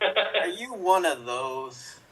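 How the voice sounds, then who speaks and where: A man voicing a nosy, lively woman who pries with questions in an improv scene. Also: sits high, takes it slowly, husky, recorded from a distance, heavily acted, poor audio. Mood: prying.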